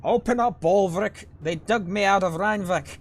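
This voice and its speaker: A man shouting as a brash giant warrior. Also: sits high, moderate pace, pitched above the performer's own voice.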